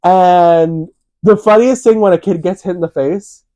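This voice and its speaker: Animated young man telling stories. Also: sits high, measured pace, no echo. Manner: animated, acts out quotes in a raised voice. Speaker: co-host. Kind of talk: casual chat, storytelling.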